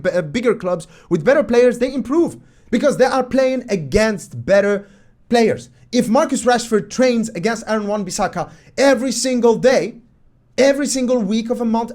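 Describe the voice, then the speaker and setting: Hosting football analysis over match footage, a man with a fairly high, darkish voice gives emphatic, opinionated commentary. He keeps firing off exasperated rhetorical questions.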